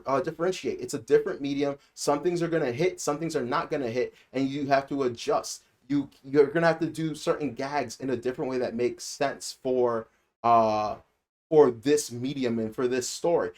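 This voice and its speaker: A man's voice: on the high side, darkish tone. Rambling male anime reviewer. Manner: rambling, repeats himself, emphatic. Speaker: anime reviewer and channel host. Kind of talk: casual spoken review.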